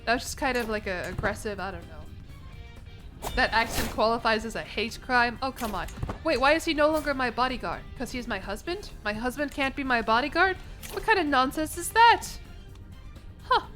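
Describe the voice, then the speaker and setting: A woman's voice: on the high side, moderate pace, soft background music. A young woman streaming a game, cursing freely and joking at her own expense. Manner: profane, self-mocking, excitable. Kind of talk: casual gameplay commentary.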